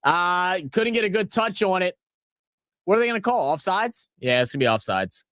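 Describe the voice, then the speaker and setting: In a dry, studio-quality recording, a high-sitting male voice moves at a moderate pace. He's a New Orleans, USA watch-along host with the city's accent, casually talking over a live match, telling stories, rambling, swearing and getting excitable.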